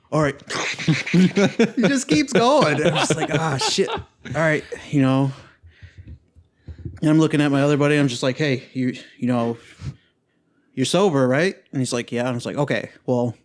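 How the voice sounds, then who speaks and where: Young man telling a rowdy story. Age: young adult. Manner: animated storyteller, acts out quotes with big pitch jumps, swears a lot. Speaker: podcast co-host. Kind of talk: casual chat.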